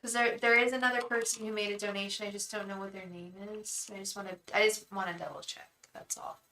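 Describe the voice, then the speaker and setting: A woman's voice: medium pitch, steady tone, fast, sharp tone, poor audio. A young woman hosting a live tarot reading, chatting effusively with viewers and thanking them by name.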